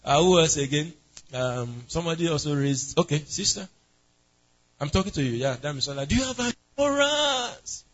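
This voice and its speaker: Male pastor, husky, interactive sermon, lo-fi stream sound. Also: a little high, fairly quick. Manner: asks the congregation questions and calls on members by name.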